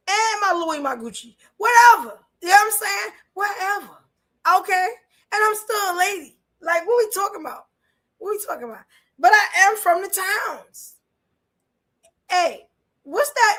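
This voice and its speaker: A woman's voice: very high-pitched, unhurried, pauses often, low-quality recording. A woman host with a Brooklyn accent, reacting and chatting bluntly to her audience. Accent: New York. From Brooklyn, New York. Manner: animated, laughing, blunt. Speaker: podcast host. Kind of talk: casual reaction commentary.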